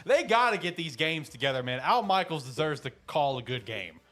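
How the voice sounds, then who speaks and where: A man co-hosting a casual sports show, animated and joking, laughing often. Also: fairly high pitch, brisk. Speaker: podcast co-host.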